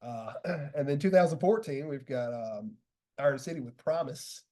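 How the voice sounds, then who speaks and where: A man's voice: mid-range voice, lively intonation, moderate pace, warm tone. A man hosting a casual porch chat, telling concert stories in a laid-back way and laughing often. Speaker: podcast host.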